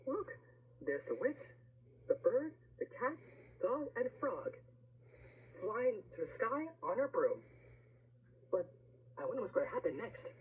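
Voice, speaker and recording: Woman reading a storybook aloud, very sing-song, huge swings in pitch, faint room hum. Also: a little slow, pauses often, highs cut off. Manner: lively rhyming read-aloud with asides to the listener. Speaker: reader of a picture book. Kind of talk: reading a picture book aloud.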